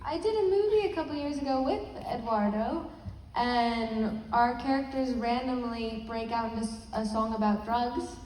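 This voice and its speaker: A woman, an actor on a convention panel, answering in a deadpan, matter-of-fact way. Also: a little high, moderate pace. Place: large convention hall. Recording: echoey hall, distant mic, background noise.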